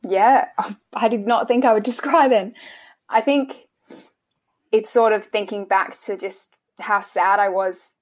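A young woman, interviewed about her past, speaking in a soft, halting way and often restarting her sentences. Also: medium pitch. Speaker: interview guest. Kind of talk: emotional personal interview.

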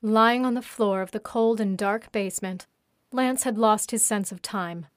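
A woman reads a written story aloud in a steady, even narration. Her voice sits at an ordinary middle pitch. The recording is dry and close, with no room sound. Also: a little slow, no echo. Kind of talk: scripted erotic story reading.

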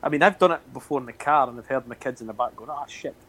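Middle-aged Scottish man, relaxed podcast host, salty language, does little impressions of others. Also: medium pitch, racing, crowd noise. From Scotland. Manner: swears freely, acts out quotes. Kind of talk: casual chat.

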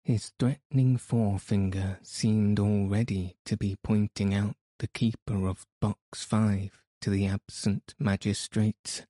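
A man reading a classic novel aloud in measured, even scripted narration. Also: lowish voice, dry recording, studio quality. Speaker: audiobook narrator.

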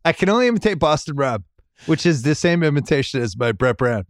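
A man's voice: fairly high pitch, big pitch swings, fast, no echo, clean studio sound. A middle-aged man hosting a casual sports podcast, teasing and joking with his guest. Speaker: podcast host.

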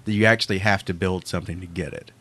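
A man co-hosting a gaming podcast, talking quickly with stop-start restarts. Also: sits low, steady tone, fairly bright tone. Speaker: podcast co-host. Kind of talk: casual gaming chat.

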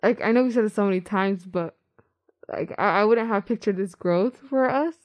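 A young woman co-hosting a podcast, speaking softly with self-doubt and close to tears. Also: medium pitch, moderate pace. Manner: soft-spoken, self-doubting, near tears. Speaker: podcast co-host. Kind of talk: casual heartfelt chat.

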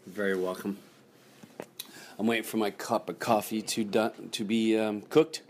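A man's voice: fairly low pitch, steady tone, moderate pace, darkish tone. A middle-aged man hosting a casual chat in a hotel room, telling stories in a rambling, jokey way with lots of restarts. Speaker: podcast host. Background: construction noise.

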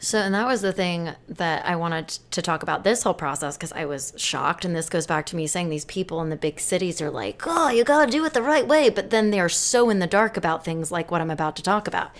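A young adult woman from the United States co-hosts a podcast in relaxed, chatty conversation. Her voice sits a little low for a woman. She tells stories and slips into animated quoted voices. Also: fairly quick, hardly any pauses. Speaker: podcast co-host. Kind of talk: casual chat.

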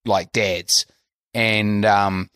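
Kiwi guy on a podcast, lowish voice, dry close mic, laughs a lot and rambles. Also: level tone, very slow, a bit bright, clean tone, no echo. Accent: New Zealand. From New Zealand. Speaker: podcast co-host. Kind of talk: casual chat.

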